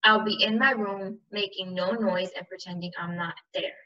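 A woman's voice: mid-range voice, steady tone, moderate pace, pushed and bright, dull audio, natural voice. A woman reading aloud as a miserable, resigned boy who speaks tonelessly.

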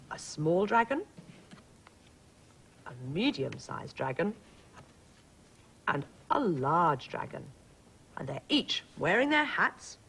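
Female schools TV presenter, lower voice, lively storybook telling for small children. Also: poor audio. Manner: gentle, clear, sing-song storytelling. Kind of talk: storybook narration to young children.

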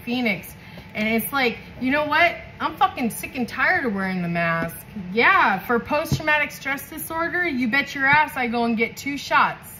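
A woman from California giving a casual tarot reading, excitable and heavily profane, often laughing. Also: on the high side, a little hiss or hum, rough recording. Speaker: tarot reader.

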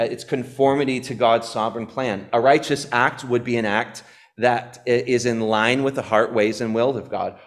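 A man preaching a sermon as pastor, earnest, repeating key phrases, with frequent fillers. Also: medium pitch. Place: church.

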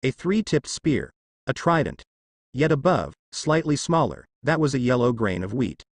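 Brief: male fan-fiction narrator, expressive, dry close read. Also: mid-range voice, normal speed, no room sound. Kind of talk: reading fan fiction aloud.

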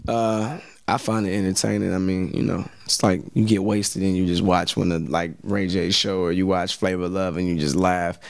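A man's voice: sits low, level tone, moderate pace, vocal fry, hardly any pauses, no room sound. An American man chatting in an interview, laid-back and slangy, often repeating words as he starts a sentence. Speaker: rapper and actor guest. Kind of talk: casual interview chat.

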